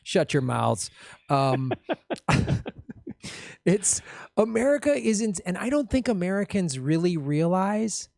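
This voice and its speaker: A man's voice: high voice, sing-song, slow, vocal fry, darkish tone, no room sound, clean studio sound. A man in casual political talk, sarcastic and joking, slipping into mocking voices.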